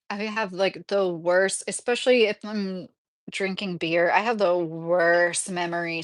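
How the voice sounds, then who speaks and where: A Kentucky woman in her thirties hosts a livestream, chatting casually, reading viewer comments, rambling, and laughing often. Her voice is medium-pitched with a fairly bright tone, and the recording is dry.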